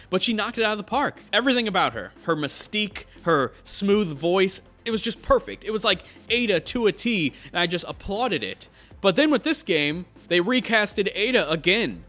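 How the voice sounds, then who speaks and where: Animated, passionate male game commentator. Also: high-pitched. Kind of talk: opinionated rant.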